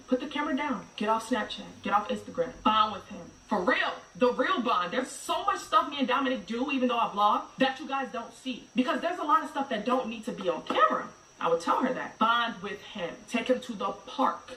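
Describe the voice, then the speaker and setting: A woman telling a personal story in a blunt, direct way, going from loud to hushed. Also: fairly high pitch, expressive, brisk, hardly any pauses, roomy sound, far from the mic, slight background noise, rough recording. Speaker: vlogger telling her story. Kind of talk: emotional storytelling.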